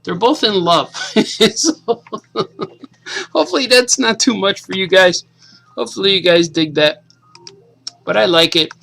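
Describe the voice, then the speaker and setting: A man in his forties, a cartoonist, casually and excitedly reading his comic aloud to kids. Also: high-pitched, unhurried, creaky, pauses often, soft background music, low-quality recording. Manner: enthusiastic, casual, says "man" a lot.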